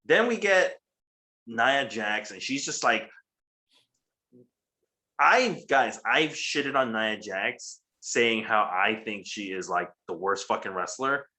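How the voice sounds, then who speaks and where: A man's voice: on the low side, animated, slow pace, sharp tone. A man co-hosting a casual show, recapping wrestling in a profane, rambling way. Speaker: podcast co-host.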